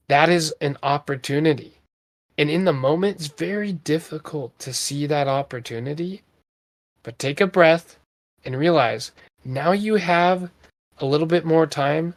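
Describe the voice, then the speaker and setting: A man in his thirties co-hosting a podcast, talking in an earnest, rambling way with lots of fillers. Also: fairly high pitch. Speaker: podcast co-host. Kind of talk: casual motivational talk.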